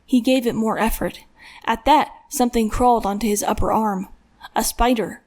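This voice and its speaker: A woman reads a thriller audiobook in a steady, measured tone. Her voice sits a little higher than most women's. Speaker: audiobook narrator. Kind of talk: scripted narration.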